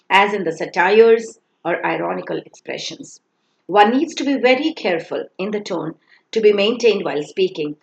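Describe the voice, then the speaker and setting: A woman teacher explains a lesson clearly and reads dialogues aloud. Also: medium pitch, dull audio, a little hiss or hum. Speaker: English teacher. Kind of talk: recorded lesson. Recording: echoey room.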